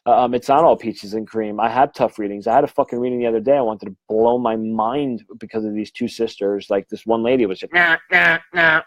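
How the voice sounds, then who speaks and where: A man's voice: lowish voice, fairly even intonation, fast, hardly any pauses, mellow, no room sound, poor audio. Frank, rambling man with fillers. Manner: rambling, frank, swears freely, many fillers. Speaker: medium and mentor. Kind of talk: casual live-stream talk.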